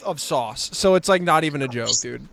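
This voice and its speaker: A young man co-hosting a comedy podcast, excitable and crude, peppering his talk with "dude". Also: fairly high pitch, brisk, gravelly. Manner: excitable, swears a lot, says "dude" often. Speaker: podcast co-host. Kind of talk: casual comedic banter.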